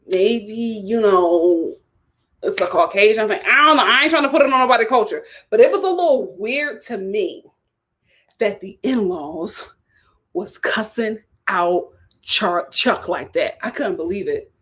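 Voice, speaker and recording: A woman hosting a reality TV review, recapping episodes in animated casual commentary. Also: mid-range voice, moderate pace. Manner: animated storytelling with acted quotes and laughter.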